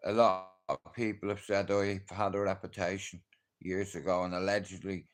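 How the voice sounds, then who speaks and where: A man's voice: low-pitched, moderate pace. A middle-aged man with a Dublin accent telling a street story on a casual livestream, acting out the people in it. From Ireland. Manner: animated, acts out the people in his story. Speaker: livestream host.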